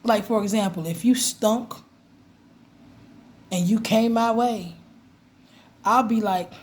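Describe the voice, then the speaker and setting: A woman vlogging in a casual, animated way about her faith, laughing and mimicking voices as she tells stories. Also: medium pitch, slow. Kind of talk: casual faith talk to camera.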